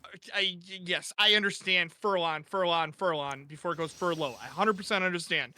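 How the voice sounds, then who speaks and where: Playful, very bright-toned male player. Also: high voice. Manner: playful, joking, quick to laugh. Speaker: tabletop game player. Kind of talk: casual game banter.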